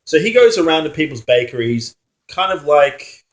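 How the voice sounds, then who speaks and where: A man's voice: a little high, big pitch swings, moderate pace. A man with an Australian accent in casual chat, telling stories in a dry way. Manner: dry, storytelling. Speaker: co-host.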